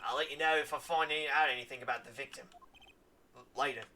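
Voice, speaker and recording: Give me a man playing a blunt young guard with a put-on Australian accent, brisk and bright. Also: medium pitch, fairly even intonation, far from the mic, slight background noise, close to an everyday voice.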